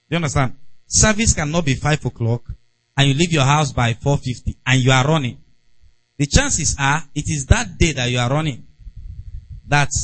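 A man's voice: fairly high pitch, fairly bright tone, no room sound, rough recording. A man preaching a conversational sermon and acting out little everyday scenes. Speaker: pastor.

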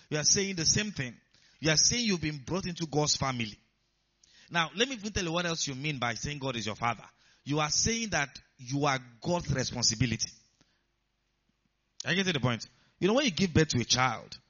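High, bright-voiced male preacher. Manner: rising to emphatic bursts, asks the congregation questions. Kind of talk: sermon. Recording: dull lo-fi sound.

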